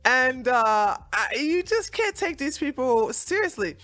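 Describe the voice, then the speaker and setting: A woman hosts her own political commentary channel, ranting in a casual, sarcastic voice that often breaks into laughter. Her voice sits a little high, and the sound is close and dry with no room around it. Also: very animated, unhurried, fairly bright tone, dry recording.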